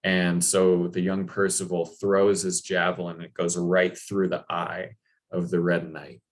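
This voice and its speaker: A man's voice: sits low, completely flat delivery, a little slow. A man retelling a legend in a loose, chatty talk, full of fillers. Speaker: speaker. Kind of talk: casual storytelling talk.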